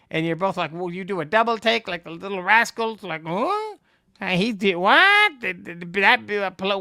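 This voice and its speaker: A man voicing a crude, boastful male skeletal villain sorcerer in a vulgar trash-talking rant, with a shrill gravelly cackle. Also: pushed and bright, no room sound, clean studio sound, heavily acted. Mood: sheepish.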